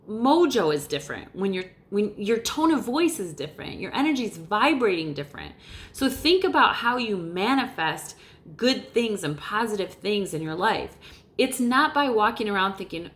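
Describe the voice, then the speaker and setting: A middle-aged woman giving a casual motivational talk to camera, animated and emphatic, swearing casually. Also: mid-range voice, moderate pace. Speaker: motivational vlogger. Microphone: camera mic, looking off-lens.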